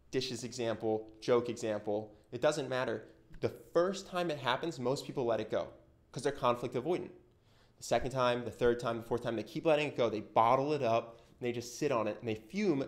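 A young man teaching how to handle tough conversations, telling stories and acting out the quotes in them. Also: medium pitch. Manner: animated storytelling with acted-out quotes. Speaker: communication coach. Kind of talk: explanatory talk to camera.

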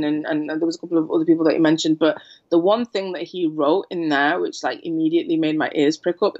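A copywriter appears as a guest in an easygoing interview, her low-pitched voice coming through a muffled recording. She tells stories with animation and often ends lines with "right?"

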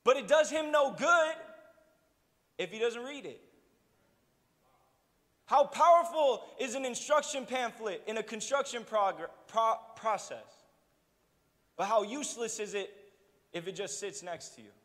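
A young pastor preaching with a very high voice, keeping his sermon loose and funny with plenty of asides to the room. His words trail off into a long, ringing reverb from the church sanctuary. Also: measured pace, long pauses, fairly bright tone. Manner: casual, humorous preaching with asides.

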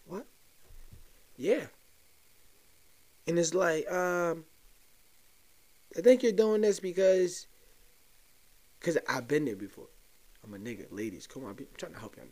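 A man's voice: fairly high pitch, lively intonation, normal speed, pauses often, a little mellow. Profane young man ranting casually. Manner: loose, profane, conspiratorial, talks straight to listeners. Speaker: podcast host. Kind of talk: casual solo podcast rant.

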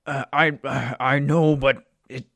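A man's voice: mid-range voice, level tone, a little slow, creaky, fairly bright tone, dry recording. Male game master, casual rambling narration, dry home-mic sound. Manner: loose, hesitant narration with many fillers.

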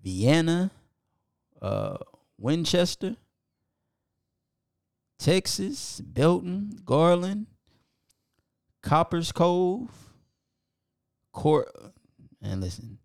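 A man's voice: fairly high pitch, sing-song, very slow, pauses often, no room sound, clean studio sound. A man co-hosting a podcast, casually reading out listener locations and apologizing when he stumbles over foreign names. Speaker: podcast co-host.

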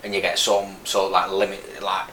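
Speaking at normal speed in a deep, monotone, bright and forceful voice, this army veteran guest is a man in his thirties from Burnley in northern England with a Lancashire accent. He gives a frank, rambling account full of restarts in a casual interview, recorded in an echoey room with faint noise.

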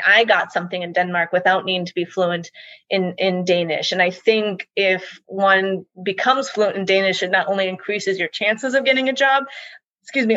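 A woman's voice: medium pitch, fairly bright tone, dry recording. A woman giving a casual interview, thinking aloud with frequent restarts and fillers. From United States. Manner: hesitant, many restarts and likes, reflective. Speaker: interview guest. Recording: dull, slightly muffled dry sound.

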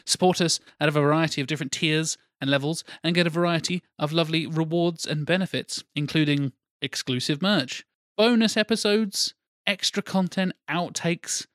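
Chatty, slightly high male podcast host. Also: fairly bright tone, no echo, clean studio sound. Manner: jokey, chatty, self-correcting. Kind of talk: casual comedy podcast chat.

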